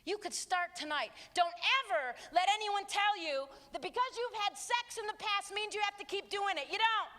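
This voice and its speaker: A woman's voice: very high voice, normal speed, few pauses, fairly bright tone. A woman giving a live motivational talk to teenagers, emphatic and preachy, repeating her key phrases. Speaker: abstinence speaker. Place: large hall with audience. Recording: reverberant live hall with audience.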